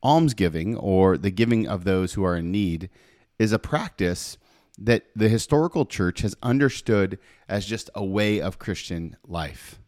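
A man's voice: low voice, expressive, measured pace, darkish tone, no room sound. A man hosting a faith podcast in an upbeat, chatty way, talking straight to listeners and reading scripture aloud, on a studio podcast mic. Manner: upbeat, chatty, with frequent "right?" asides. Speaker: podcast host.

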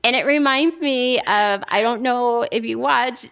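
A woman casually telling a story to a friend on a podcast, animated and laughing often. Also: on the high side, a little slow, vocal fry, clean tone.

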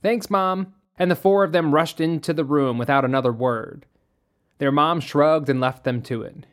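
A narrator reading a novel aloud in a steady, even storytelling manner. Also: mid-range voice, normal speed. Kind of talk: audiobook reading.

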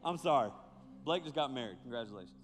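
A man preaching to a young crowd as a youth pastor, joking and animated, talking straight to his listeners. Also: mid-range voice, quick pace, big-room sound, soft background music. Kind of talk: sermon.

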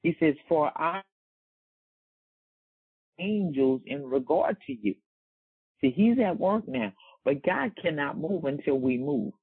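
Gravelly-voiced man preaching a sermon. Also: a little high, animated, takes it slowly, long pauses. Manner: call-and-response preaching, repeats phrases, asks the congregation. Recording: tinny, phone-like sound.

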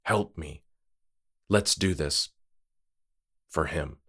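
A man voicing a grieving, worn-down drunk who mutters low and rough, in a horror story reading. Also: very slow, pushed and bright, exaggerated voice. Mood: bitter, desperate.

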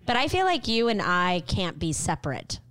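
A woman co-hosting a comedy podcast, chatting casually with deadpan, mock-dramatic jokes. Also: lowish voice, normal speed, clean tone. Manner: trailing fillers like "like". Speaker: podcast co-host.

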